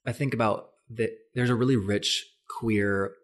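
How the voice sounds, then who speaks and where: A man from North Carolina hosts a relaxed interview in a fairly low voice. He is curious and chatty, and his speech is full of fillers. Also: a little slow. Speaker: podcast host. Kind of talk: casual interview.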